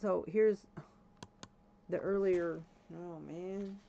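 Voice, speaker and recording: A woman's voice: on the low side, fairly even intonation, extremely slow, vocal fry, warm tone, dull audio, slight background noise. A woman live-streaming a game, talking to herself and her viewers as she grows alarmed, with frequent exclamations. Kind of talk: casual live-stream chat.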